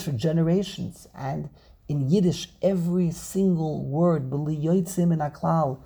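A man's voice: fairly high pitch, gravelly, dark tone, breathy edge. A man teaching an online Torah class over a video call, repeating words and drilling pronunciations aloud.

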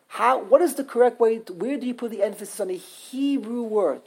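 A woman with a husky, slightly breathy voice leads a classroom lesson on Hebrew grammar. She talks emphatically, repeats her points, and sounds out words slowly, one syllable at a time. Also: a little high, expressive, darkish tone, low-quality recording.

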